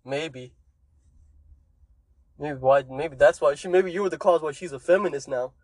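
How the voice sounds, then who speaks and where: A man's voice: fairly high pitch, moderate pace, darkish tone, no room sound. A young man in casual, profane chat with a friend, laughing and teasing a lot. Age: young adult. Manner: swearing, laughing, teasing banter.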